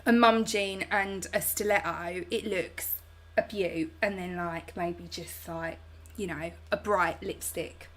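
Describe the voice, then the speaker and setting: Her voice sits lowish, with fairly even intonation and a slow delivery. She's a British woman hosting a livestream from home, chatting casually through viewer comments in a bubbly, slangy style.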